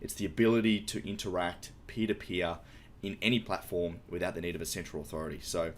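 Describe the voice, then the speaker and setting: A man's voice: low-pitched, fairly even intonation, fast talker, a little hiss or hum. A man who is a podcast guest, explaining a topic in casual, enthusiastic talk with light swearing.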